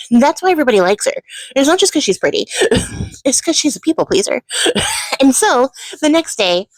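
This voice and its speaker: A woman's voice: sits high, sing-song, normal speed, no room sound, rough recording. A woman retelling a fairy tale in a chatty, casual way, laughing often and swearing. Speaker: storyteller and channel host.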